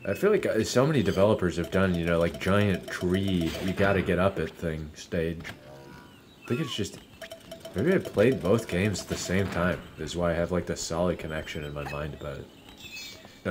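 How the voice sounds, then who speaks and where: A man's voice: deep voice, noisy background. A young man giving casual, profane gameplay commentary, laughing often and musing aloud as he plays. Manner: swears freely, laughs often, muses aloud. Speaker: let's play streamer.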